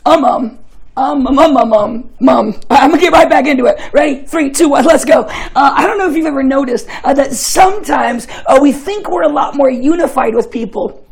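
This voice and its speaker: A man's voice: very high-pitched, normal speed, creaky, rough recording. A young man giving a casual, joking sermon, telling chatty stories and often laughing. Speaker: preacher.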